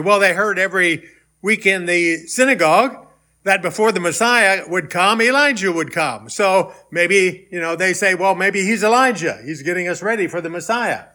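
A man's voice: sits high, sharp tone. A man preaching a sermon in a conversational way, rising into emphatic questions. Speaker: pastor.

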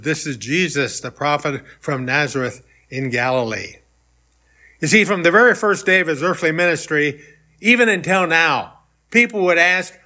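A man's voice: on the high side, pushed and bright. A man preaching a sermon in a conversational way, rising into emphatic questions. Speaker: pastor.

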